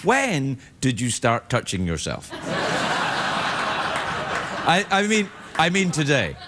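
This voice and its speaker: A man's voice: medium pitch, wildly swooping pitch, takes it slowly, heavy background noise. A man hosting a late-night talk show with a Scottish accent, riffing and teasing his guest in playful comic banter.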